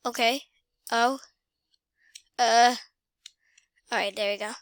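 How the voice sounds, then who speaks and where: A woman's voice: fairly high pitch, fairly even intonation, slow pace, no echo, clean studio sound. A woman casually talking through a driving game, muttering, whispering and exclaiming to herself. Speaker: gamer playing a driving game. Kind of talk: casual gameplay commentary.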